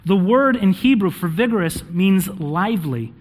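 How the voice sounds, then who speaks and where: A man's voice: high voice, animated, normal speed. A married man preaching a sermon, reading scripture aloud and often checking in with the congregation with "okay?" between points. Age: adult, married. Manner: checks in with frequent "okay?", with fillers. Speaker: pastor.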